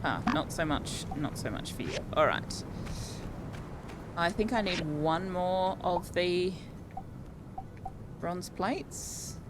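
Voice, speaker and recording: A woman's voice: on the low side, slow, long pauses, background noise. An Australian woman streaming a game, chatting casually and correcting herself as she goes. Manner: chatty, self-correcting, amused. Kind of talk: casual gameplay commentary.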